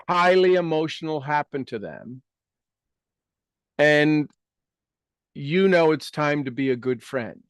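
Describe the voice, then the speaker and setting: A man leading a self-help talk, guiding listeners through exercises and asking rhetorical questions, with his loudness rising and dropping. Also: on the high side, dry recording, clean studio sound. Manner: rhetorical questions, repeats phrases for emphasis. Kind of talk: coaching talk with guided exercises.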